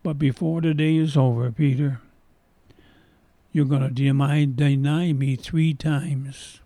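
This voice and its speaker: A man voicing a gentle male teacher in a sermon, speaking calmly and warning. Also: mid-range voice, slow, no room sound.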